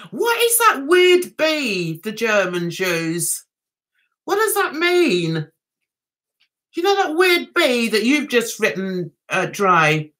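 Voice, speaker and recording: A woman hosts a relaxed livestream chat, laughing often as she answers her viewers. Her voice is bright and high, and she talks at an unhurried pace. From England. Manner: giggly, chatty, reads viewer comments aloud and answers them. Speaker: livestream host.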